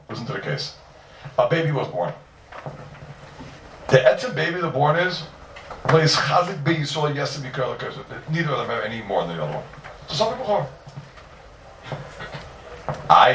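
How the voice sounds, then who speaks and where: Male Talmud teacher, lively sing-song delivery, gravelly tone, roomy room sound from a distance. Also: fairly high pitch, slight background noise. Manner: animated, sing-song, stresses key words. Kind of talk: yeshiva-style Talmud lecture. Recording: roomy, from far off.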